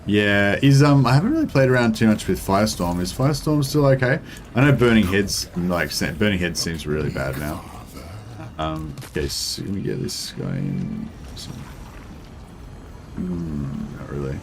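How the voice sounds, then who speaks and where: Low-voiced Australian man streaming a game. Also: lively intonation, moderate pace, background noise. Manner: rambling, filler-heavy, thinking aloud. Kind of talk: casual gameplay commentary, answering chat.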